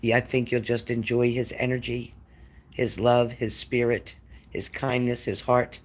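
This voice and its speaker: A man's voice: mid-range voice, level tone, measured pace. Emotional man giving live psychic readings. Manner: emotional, talks straight to viewers by name. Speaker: psychic reader. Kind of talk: live-stream spirit reading.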